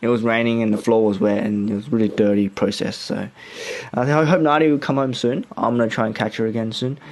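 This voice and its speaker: A young man from Australia with an Australian accent, hosting a radio show in a chatty, relaxed way with many fillers. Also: fairly low pitch, brisk. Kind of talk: casual radio chat.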